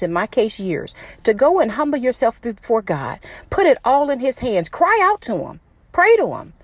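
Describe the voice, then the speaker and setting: A woman host giving a passionate faith testimony, emphatic and at times near yelling, recorded on a phone in her parked car. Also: on the high side, dry recording. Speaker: podcast host.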